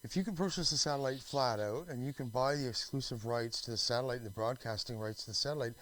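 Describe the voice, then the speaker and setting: A man's voice: medium pitch, fast, fairly bright tone, low-quality recording. A man from Canada talking in a rambling, restless monologue, full of restarts, fillers and swearing. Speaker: vlogger.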